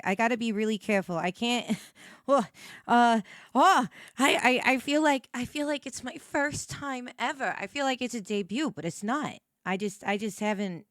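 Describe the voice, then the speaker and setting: A woman streamer chatting casually with her viewers, giggly and emotional, stammering through halting restarts. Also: high-pitched, fairly bright tone, no echo, clean studio sound. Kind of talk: casual live-stream chat.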